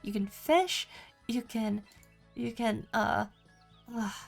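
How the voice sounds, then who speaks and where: A woman chats with her stream audience during a game, reading comments aloud and listing the things she could do. Her voice is on the high side with vocal fry, her pace slow, and faint music plays behind her.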